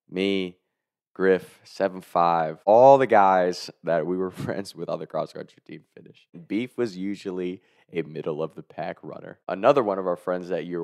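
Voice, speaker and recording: A man's voice: low-pitched, no room sound, clean studio sound. Laughing man telling a story. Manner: chuckles through the telling, profane, animated. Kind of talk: casual comedic storytelling.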